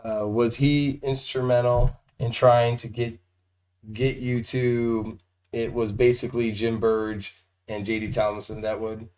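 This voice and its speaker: A man's voice: mid-range voice, little pitch movement, unhurried, a little mellow, poor audio. A man reading the questioner's lines from a deposition transcript aloud, joking and laughing between questions. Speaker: reader of the questioning officer's lines.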